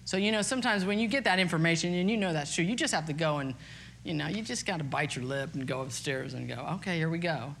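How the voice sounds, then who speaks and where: Candid, bright-voiced woman in her fifties. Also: lowish voice, quick pace, vocal fry, a little hiss or hum. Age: 50s. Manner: candid, self-deprecating, animated storytelling. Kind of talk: personal storytelling talk.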